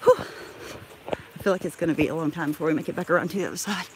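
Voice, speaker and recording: A woman's voice: low-pitched, rapid-fire, slight background noise. A woman chatting on a live stream while walking through a park, out of breath, swearing casually and laughing often. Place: outdoors in a crowded park. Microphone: handheld phone camera.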